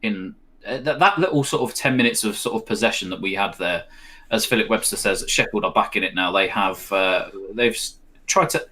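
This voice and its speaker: A man's voice: lowish voice, fairly quick, sharp tone. A man co-hosting a casual live football watch-along, mixing play-by-play with rambling chat. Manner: chatty, rambling, with fillers and laughs. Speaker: co-host of a match watch-along.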